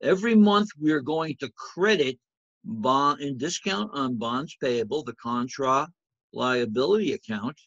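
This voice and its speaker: A man's voice: mid-range voice, measured pace, a bit bright, dry recording, lo-fi sound. A man teaching accounting in a lecture over slides, talking in a conversational way and asking the class rhetorical questions. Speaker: accounting instructor.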